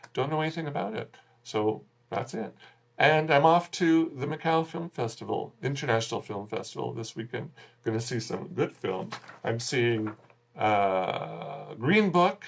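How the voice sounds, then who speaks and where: A man's voice: mid-range voice, lively intonation, normal speed, gravelly. A man giving a casual spoken film review, rambling a little and chuckling wryly at his own jokes. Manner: rambling, with frequent fillers and restarts.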